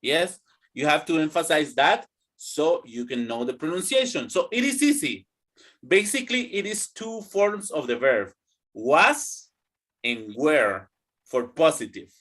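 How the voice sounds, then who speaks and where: Lively, slow-spoken male teacher. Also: a little high. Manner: slow, drawn-out teaching with repeat-after-me drills. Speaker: English teacher. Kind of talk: online classroom lesson.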